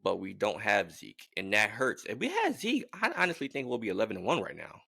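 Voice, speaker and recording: Guy doing a fan rant vlog, kinda low but bright voice, dry close mic. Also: a little fast, creaky, husky, no room sound. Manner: animated, rambling fan talk with restarts. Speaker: sports fan vlogger. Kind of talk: casual sports opinion monologue.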